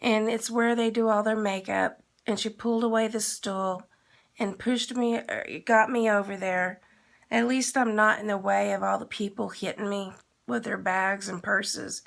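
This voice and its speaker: Gravelly-voiced woman telling a story. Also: mid-range voice, little pitch movement, moderate pace. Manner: rambling, retells with quoted dialogue. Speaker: vlogger. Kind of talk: casual storytelling.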